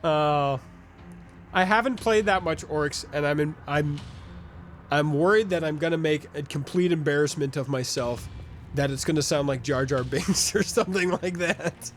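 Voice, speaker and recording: A man's voice: fairly high pitch, moderate pace, soft background music. A man streaming a game live, chatting in a rambling way and reading viewer comments aloud.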